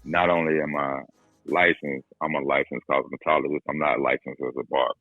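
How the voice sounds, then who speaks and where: A man with a Florida accent speaks in an extremely low, deep voice. He talks in an easygoing, slangy way, and the sound is dry and close with faint music underneath. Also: flat delivery, a little fast, no room sound, phone-quality sound. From Jacksonville, Florida. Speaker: guest barber. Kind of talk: casual podcast chat.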